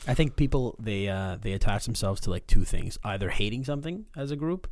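Low-voiced man joking on a podcast. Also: animated, brisk, darkish tone, dry recording. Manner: joking, laughs often, mimics others. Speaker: podcast co-host. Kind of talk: casual chat.

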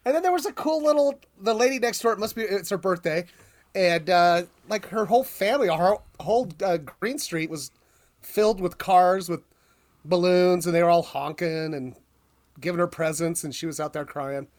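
A man's voice: high-pitched, moderate pace. A man hosting a podcast, telling rambling stories in casual chat with lots of ums. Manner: rambling storyteller, filler-heavy, swears. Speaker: podcast host.

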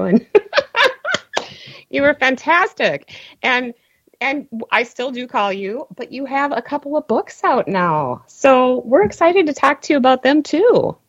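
A woman's voice: a little high, no echo. Enthusiastic woman show host. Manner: enthusiastic, affirming, says "awesome" a lot. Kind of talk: casual chat. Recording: dry, slightly dull.

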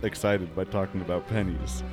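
A fairly low-voiced man hosts an improvised comedy chat. He delivers absurd lines in a deadpan, mock-serious tone. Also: moderate pace, over music.

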